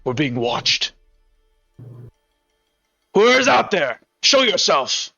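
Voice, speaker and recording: A man's voice: a little high, sing-song, moderate pace, muffled recording, soft background music, exaggerated voice. A man doing a pompous old wizard boss. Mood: commanding. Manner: pompous, scolding, shouting at underlings.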